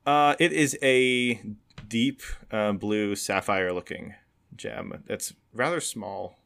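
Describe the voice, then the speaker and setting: A man's voice: lowish voice, slow pace, creaky, a bit bright, smooth. A man running a tabletop game as game master, rambling with many fillers and restarts, laughing often.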